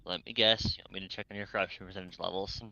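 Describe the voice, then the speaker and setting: A man's voice: low voice, fairly even intonation, rapid-fire, creaky, pushed and bright, full character voice. A man voicing a tired, dry-humored male AI engineer in a fanfic reading, drawling wearily. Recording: dull lo-fi mic.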